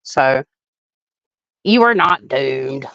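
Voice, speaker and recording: A woman's voice: extremely low pitch, expressive, very slow, a bit bright, no echo, highs cut off. A woman hosting a live astrology chart reading, talking in a loose, chatty way and laughing often.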